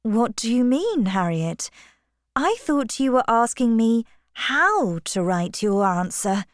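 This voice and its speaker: A woman's voice: a little high, big pitch swings, dry recording, studio quality, pitched above the performer's own voice. Woman voicing a composed, careful young lady. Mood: measured. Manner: measured and careful. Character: composed, careful young gentlewoman giving advice.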